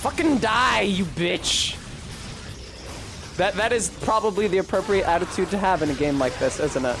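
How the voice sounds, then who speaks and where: A fast-talking streamer with a high-pitched voice and lively intonation plays through a boss fight, grumbling and cursing at the game. His casual commentary is peppered with frustrated outbursts, set against game music.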